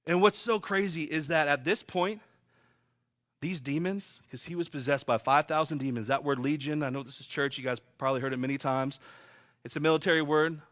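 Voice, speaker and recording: A man's voice: a little high, steady tone, brisk, fairly bright tone. A man preaching a sermon and sharing his own testimony, telling stories in a vivid, earnest, emphatic way.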